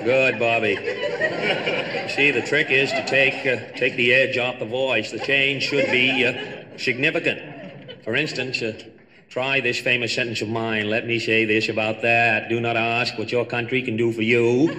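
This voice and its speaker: Brief: man doing a dry Boston-accented president, halting delivery, bright tone, reverb from a live room. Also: mid-range voice, level tone, natural voice. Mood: wry. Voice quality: clipped, halting with drawn-out ums. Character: folksy middle-aged male president, dry and self-assured. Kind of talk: 1960s comedy album sketch. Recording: reverberant live comedy record.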